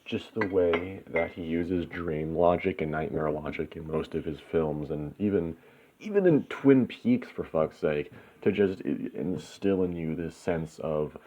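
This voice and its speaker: A man's voice: low-pitched, a little mellow. A man talking in a rambling, profane, ranting monologue as host of his own channel. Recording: slightly dull lo-fi, faint background noise.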